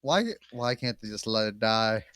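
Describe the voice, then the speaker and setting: A man's voice: fairly low pitch, steady tone, moderate pace, fairly bright tone, smooth, no echo. A man co-hosting a casual gaming podcast, wry and keen to move the conversation along. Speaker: podcast co-host.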